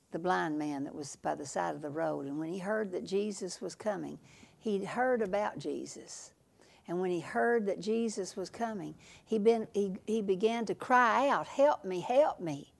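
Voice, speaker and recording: Delivering a sermon slowly and deliberately, a woman preacher speaks in a lowish, darkish voice with a gravelly, creaky edge. She drives her points home by repeating them, at times dropping to a near-whisper for asides.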